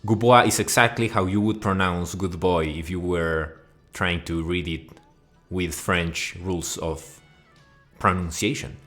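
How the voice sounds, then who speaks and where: A man's voice: low-pitched, steady tone, a little slow, a bit bright, soft background music. A man from Mexico giving a profane, mock-outraged and rambling comedic rant over slides. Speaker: video essayist.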